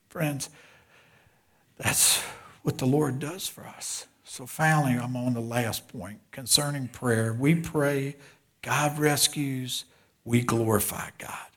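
An older man from southeastern Louisiana, a pastor telling stories in a sermon, animated and dropping into hushed whispers for emphasis. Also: medium pitch, slow pace, vocal fry, breathy edge. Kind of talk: storytelling sermon.

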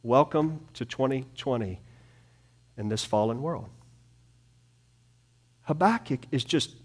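A man preaching a sermon to a small congregation in a room, swinging between hushed and loud delivery. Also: medium pitch, slow, long pauses, breathy edge. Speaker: pastor.

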